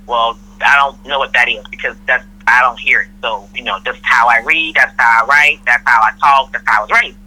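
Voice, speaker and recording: A woman's voice: a bass voice, fairly even intonation, a little fast, hardly any pauses, pushed and bright, poor audio. A middle-aged woman from Florida telling a work story in casual chat, acting out the people she quotes. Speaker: podcast guest, mother of host.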